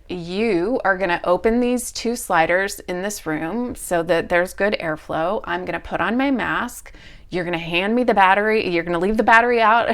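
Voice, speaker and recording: A middle-aged woman hosting a podcast, telling a story in an animated way and acting out both sides of a conversation. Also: medium pitch, gravelly. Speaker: podcast host. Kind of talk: storytelling monologue.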